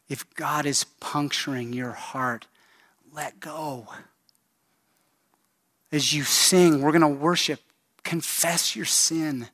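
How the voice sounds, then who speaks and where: A man's voice: a little high, a bit bright. A male pastor preaching a sermon in an earnest, emphatic storytelling style with pleading appeals.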